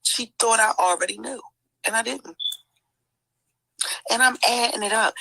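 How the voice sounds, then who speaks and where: A woman hosts a livestream full of heated, profane commentary, exclaiming often and punctuating it with sighs and "mm-mm"s. Her fairly high voice is unhurried, pushed and bright, with vocal fry and long pauses. The low-quality recording has no room sound.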